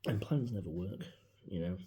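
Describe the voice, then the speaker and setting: Grieving man, low and mellow. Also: lively intonation, normal speed. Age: 40s. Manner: rambling, reflective, grieving, drops into soft mutters. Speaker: vlogger. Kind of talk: casual personal vlog. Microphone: mobile phone.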